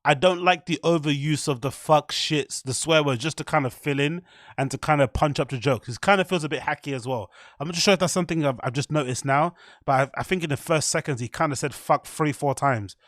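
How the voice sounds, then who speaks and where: A man's voice: on the high side, fairly quick, a bit bright, no room sound, studio quality. Blunt British man hosting a stream. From United Kingdom. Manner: blunt, rambling, swears freely. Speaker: livestream host. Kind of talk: livestream reaction commentary.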